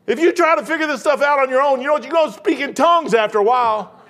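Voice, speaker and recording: High-voiced older man preaching, folksy. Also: fast talker. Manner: folksy, animated, swings from hushed to loud; acts out voices in his stories. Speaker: pastor. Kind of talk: preaching a sermon.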